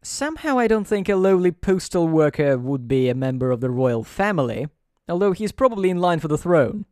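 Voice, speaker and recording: A man hosting a let's play with dry, sarcastic commentary. His voice sits fairly high. The recording is close and dry. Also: very animated, brisk, darkish tone, no room sound, soft background music. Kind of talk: gameplay commentary.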